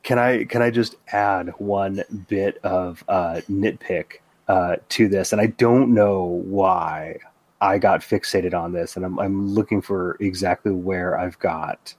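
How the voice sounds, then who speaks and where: A man's voice: low-pitched, fairly even intonation, slow pace, darkish tone, no room sound. A man co-hosting a casual podcast, chatty and wry, acting out his own reactions in quotes. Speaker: podcast co-host.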